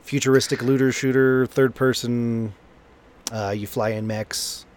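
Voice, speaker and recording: A man's voice: medium pitch, fairly even intonation, measured pace, a little mellow, a little hiss or hum. Enthusiastic male gaming co-host. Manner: sarcastic, enthusiastic. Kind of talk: casual gaming chat.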